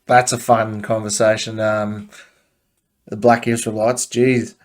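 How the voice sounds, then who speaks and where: A podcast host with an Australian accent offers blunt, swear-heavy opinions in an offhand way, packed with fillers. His voice is lowish and flat, and he takes his time.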